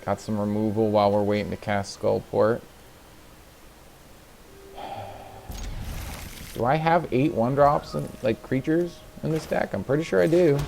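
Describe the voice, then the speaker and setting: A man's voice: medium pitch, creaky, mellow, slight background noise. A man hosting a card game video, rambling casually through his deck and gameplay and chuckling at his own slips. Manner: rambling, chatty, laughs at himself. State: yawning, a little tired. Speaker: gaming video host.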